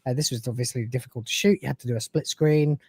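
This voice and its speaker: A man's voice: medium pitch, fairly even intonation, fast, a little mellow, breathy edge, no room sound. A man hosting a casual livestream review, chatty, laughing often and swearing freely. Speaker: host.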